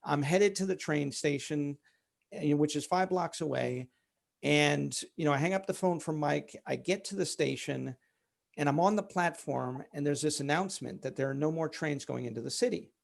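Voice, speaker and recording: A man's voice: fairly high pitch, normal speed, vocal fry. A man, a company founder, candidly telling a personal story in an interview, with many fillers. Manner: candid, many fillers, relives events vividly.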